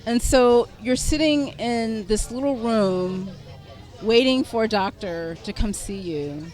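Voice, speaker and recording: A middle-aged woman telling a personal story as a podcast guest, animated and self-deprecating, laughing often as she talks. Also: fairly high pitch, takes it slowly, faint music behind. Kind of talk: conversational storytelling.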